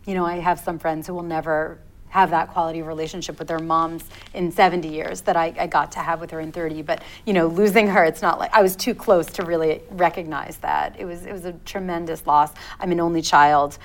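A woman in her thirties speaks as an interview guest. Her voice sits a little low, and she tells a personal story haltingly, pausing and restarting as she reflects. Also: fairly even intonation, poor audio.

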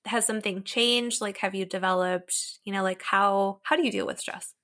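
A woman's voice: medium pitch, fairly even intonation, normal speed, fairly bright tone. Laughing woman asking questions. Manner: light, laughs easily, asks loose questions. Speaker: interviewer. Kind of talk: casual interview conversation.

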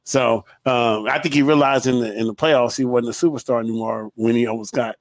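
A man's voice: medium pitch, steady tone, fairly quick, no echo. A man co-hosting a podcast, telling stories in casual sports chat, laughing often and restarting his sentences. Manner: chatty storyteller, laughs often, many restarts. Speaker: podcast co-host.

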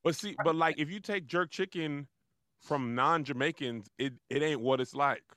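A man's voice: a little high, normal speed, bright, forceful tone, a little hiss or hum. A man co-hosting a podcast, trading teasing jokes in casual debate chat. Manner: teasing, joking banter. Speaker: podcast co-host. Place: podcast studio.

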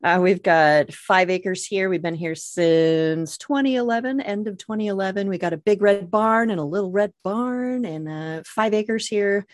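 A woman's voice: mid-range voice, normal speed, hardly any pauses, no echo, clean studio sound. Friendly woman with a Minnesota accent. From central Minnesota. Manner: relaxed, friendly, laughs easily. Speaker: podcast guest. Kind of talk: casual interview chat.

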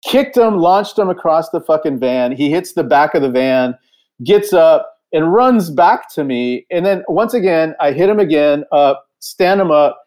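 A man's voice: a little high, animated, a little slow, a little mellow. A middle-aged man, a touring musician, casually telling a profane road story and acting out the quotes. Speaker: guest musician.

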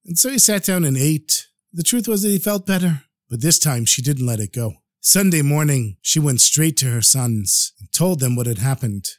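A man narrating a story for a podcast in a lively, animated way. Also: on the high side, moderate pace, hardly any pauses, dry recording, studio quality.

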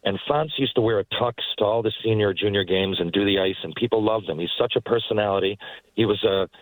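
Man, 40s; lowish, dry-recorded, rambling storyteller guest. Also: fast talker, no room sound, poor audio. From Newfoundland, Canada. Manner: rambling, animated anecdotes with frequent asides. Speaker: guest, former hockey player and actor. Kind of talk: casual storytelling interview. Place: parked car.

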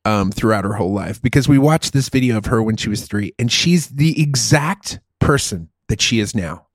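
A man with a lively voice that swings up and down chats and jokes on a podcast. His voice sits in a middle register and sounds close and dry. He sounds like he is in his thirties. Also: on the low side, moderate pace, no room sound. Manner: animated, joking. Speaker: podcast co-host. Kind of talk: casual chat.

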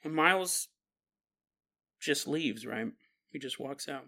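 A man's voice: medium pitch, animated, takes it slowly, gravelly, bright, forceful tone. A man hosting a podcast, telling a story in a casual, conversational way with lots of fillers. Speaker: podcast host.

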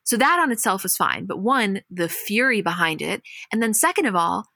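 Animated woman podcast host, bright voice. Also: medium pitch, normal speed, gravelly, no room sound, studio quality. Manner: animated, dramatic storytelling. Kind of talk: casual recap chat.

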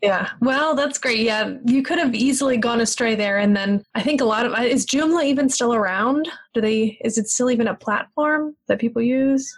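A woman's voice: fairly high pitch, normal speed, few pauses, rough recording. A woman hosting a podcast interview in a friendly, upbeat conversational way. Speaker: podcast host. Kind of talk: casual interview chat.

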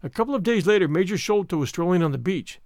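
High, lively male storyteller. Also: fast talker, no echo, studio quality. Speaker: audiobook narrator. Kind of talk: first-person storytelling.

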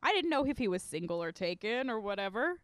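A woman in her thirties hosting a podcast, chatting casually in an excitable, gushing way and swearing freely. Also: medium pitch, quick pace, clean tone, no room sound, clean studio sound. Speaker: podcast host. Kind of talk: casual chat.

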